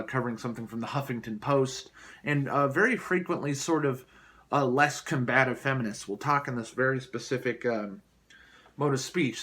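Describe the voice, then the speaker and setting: A man's voice: medium pitch, fairly bright tone. Mocking, rambling man vlogging. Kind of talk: improvised single-take vlog commentary. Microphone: camera placed below him.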